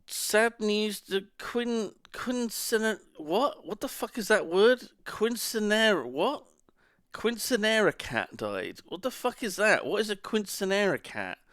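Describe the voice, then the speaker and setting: A man's voice: high voice, animated, measured pace, fairly bright tone, dry recording, studio quality. A man chatting casually on a live stream, rambling and muttering to himself as he browses.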